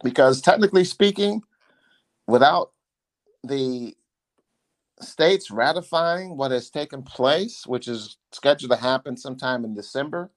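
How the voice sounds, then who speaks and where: A man's voice: mid-range voice, measured pace. Emphatic man in his sixties telling stories. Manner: emphatic, repeats phrases, animated retelling. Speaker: former congressman hosting a podcast. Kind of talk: casual storytelling to his son.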